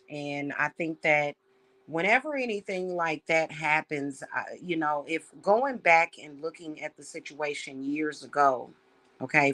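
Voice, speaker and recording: A woman who calls herself a witch, talking warmly and emotionally to her viewers about spiritual protection, on the edge of tears. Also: low-pitched. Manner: heartfelt, emotional, addresses viewers as y'all. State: close to tears. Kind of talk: casual spiritual talk to viewers.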